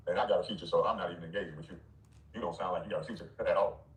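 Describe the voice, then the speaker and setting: Fast, scornful man ranting off-mic. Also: sits low, far from the mic. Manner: blunt, mocking, dismissive, laughing scornfully. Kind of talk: ranting commentary. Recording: roomy, off-mic.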